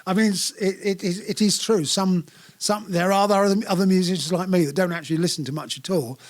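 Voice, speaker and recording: An older musician chats about his career at length, circling back and restarting his sentences as he goes. His speaking voice sits fairly high for a man. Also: steady tone, fairly quick. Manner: rambling storyteller with frequent restarts and fillers. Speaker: musician guest. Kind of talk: relaxed interview chat. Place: small live venue.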